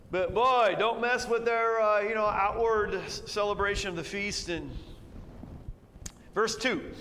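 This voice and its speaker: A high-pitched man teaching through a Bible passage in an animated way, jumping into the characters' voices as he goes. His voice rings with a long reverb, and faint noise sits under it. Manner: animated, acts out quoted characters with shifts in pitch. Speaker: preacher.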